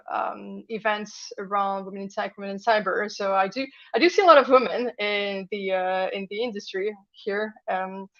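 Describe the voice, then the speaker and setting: A woman's voice: mid-range voice, a bit bright, highs cut off. A woman from France, a guest in a casual interview, talking with many fillers and light laughs over a video call.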